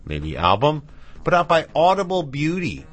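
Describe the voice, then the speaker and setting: A man's voice: fairly high pitch, wildly swooping pitch, moderate pace. A man hosting a radio music show, back-announcing tracks in a chatty, rambling, self-mocking way with asides to his dog. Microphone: studio mic with headphones.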